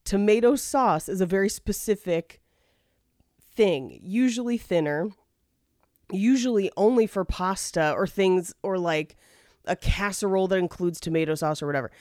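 A woman in a casual podcast chat, chiming in with quick, wry quips. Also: medium pitch, expressive, a little mellow, no echo, studio quality.

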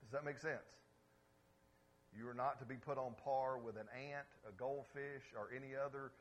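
A man preaching a sermon as pastor, emphatic and often checking in with his listeners. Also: medium pitch. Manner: emphatic, asks the congregation questions.

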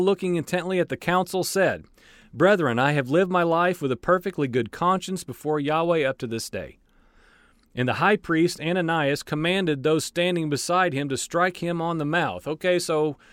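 Man, informal Bible teacher, reads verses and comments, a bit high-pitched, lots of restarts. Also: dry recording, studio quality. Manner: informal, reads scripture then comments with asides; animated, frequent fillers and restarts. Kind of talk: conversational Bible study teaching.

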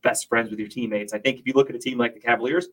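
A man's voice: mid-range voice, steady tone, very fast, a bit bright, low-quality recording. A man hosting a casual sports talk podcast, opinionated and swearing freely.

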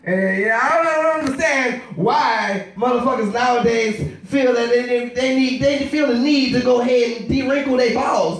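A man in his thirties working through a profane stand-up set, rambling between bits and shouting the punchlines. His voice sits very high for a man. He is heard from a distance in a strongly echoing room. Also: moderate pace, few pauses. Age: 30s. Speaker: stand-up comedian.

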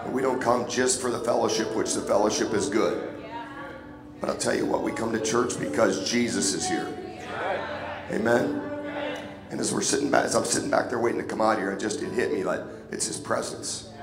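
A man preaching a casual, joking sermon in church, hoarse and sniffling from a cold, often calling for an amen. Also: lowish voice, steady tone, fairly quick. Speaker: guest preacher. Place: church sanctuary. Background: music.

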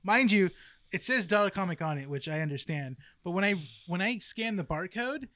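A man's voice: high voice, moderate pace, no echo, clean studio sound. A man co-hosting a podcast, recounting a comic shop customer story with lots of laughter. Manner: laughing, animated anecdotes. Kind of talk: casual chat.

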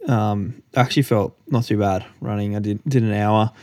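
A man co-hosting a casual chat, chipping in with dry short remarks and low-key teasing. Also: steady tone, normal speed, dark tone. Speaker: podcast co-host.

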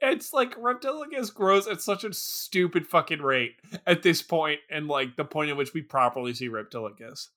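A high-pitched man with a lively, swooping voice riffs on a bad movie in casual podcast chat. His tone is bright and sharp, and he keeps laughing as he acts out the characters' lines. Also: normal speed, few pauses. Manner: excitable, laughing, acts out quotes. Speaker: podcast co-host.

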